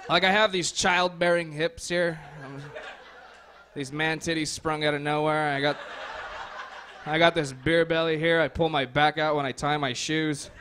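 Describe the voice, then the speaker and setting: A man's voice: on the high side, steady tone, moderate pace, pushed and bright, a little hiss or hum. Sardonic young man doing stand-up. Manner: sardonic, crude, rambling with fillers. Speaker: stand-up comedian. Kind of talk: stand-up comedy set. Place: comedy club stage.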